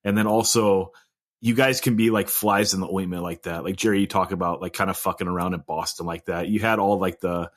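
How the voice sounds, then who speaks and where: A man's voice: low voice, steady tone, a little fast. A man hosting a podcast, asking long, loose questions full of fillers. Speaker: podcast host. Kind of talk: interview questions.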